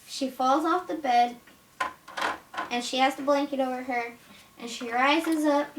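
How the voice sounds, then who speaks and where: A woman casually showing a toy playset and rambling through its story. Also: high-pitched. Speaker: toy reviewer. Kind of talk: toy unboxing and story retelling. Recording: roomy, from far off, faint noise.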